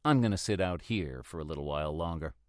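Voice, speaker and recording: A man narrating a first-person mystery audiobook in a steady, reflective manner. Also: a bass voice, fast, no room sound, clean studio sound.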